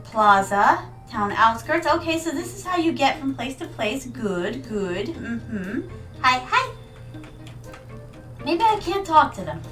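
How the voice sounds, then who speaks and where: Playful high-voiced American woman streamer. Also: big pitch swings, unhurried, few pauses, fairly bright tone, recorded from a distance, rough recording. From United States. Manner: playful, rambling, chatty with viewers. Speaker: VTuber streamer. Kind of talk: casual game stream chat. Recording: mic set back, music behind.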